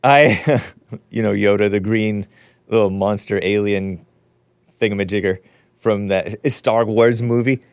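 A man's voice: lowish voice, a little mellow, clear, resonant tone, no echo. A man hosting a call-in show, talking in a casual, rambling way with mocking, opinionated commentary. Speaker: podcast host.

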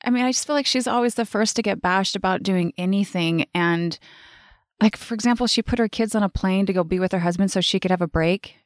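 A woman in her forties hosts her own life-coaching podcast solo, talking casually, bluntly and animatedly with lots of swearing. Her medium-pitched voice moves a little fast in clean studio sound with no room noise.

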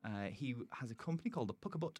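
A man's voice: medium pitch, very animated, rapid-fire, a little mellow, breathy edge, no echo. A man hosting a podcast in a playful, chatty way, often laughing. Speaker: podcast host. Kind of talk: casual chat.

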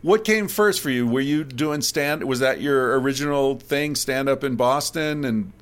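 A man from Pennsylvania hosting a casual chat, talking in a relaxed, conversational way. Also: medium pitch, moderate pace, clean tone.

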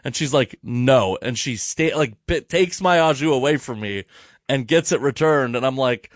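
A man hosting a casual podcast chat, telling a story in an animated, profane way. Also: medium pitch, normal speed, no echo, studio quality. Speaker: podcast host.

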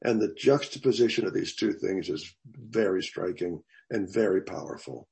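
An older man teaching a Bible class in a thoughtful, conversational way, pausing and restarting as he goes. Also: sits low, gravelly, darkish tone.

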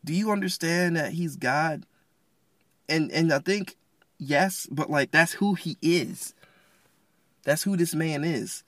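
A man's voice: a little high, slow pace, pauses often, a bit bright, dry recording. Rambling man musing in a dry room. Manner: rambling, conversational, frequent restarts and slang. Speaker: podcast host. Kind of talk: casual reflective devotional talk.

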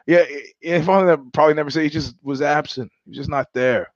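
A man's voice: fairly high pitch, fairly even intonation, quick pace, few pauses, no room sound, dull audio. A middle-aged man from New York hosting a live-streamed show, telling stories in a blunt, profane, sardonic monologue. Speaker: host.

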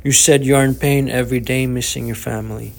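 A man's voice: medium pitch, fairly even intonation, fast talker, vocal fry, natural voice. A man voicing an anxious, eager young helper who pleads and worries, in an audiobook reading. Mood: anxious, pleading.

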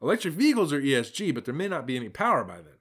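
A man's voice: a little high, big pitch swings, very fast, fairly bright tone, breathy edge. A male podcast host giving a casual, rambling solo monologue in a sardonic tone, with many asides. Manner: sardonic, meandering, full of fillers and asides.

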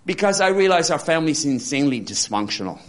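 A man in his sixties giving a candid, rambling personal testimony with dark humor, often restarting his sentences. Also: fairly high pitch, very animated, fast talker. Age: 60s. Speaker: interviewee. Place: support center.

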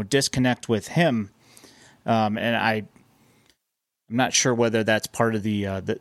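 A man co-hosting a sports podcast who thinks out loud in a casual, hesitant way, with many fillers. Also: medium pitch, no echo, clean studio sound. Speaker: podcast co-host.

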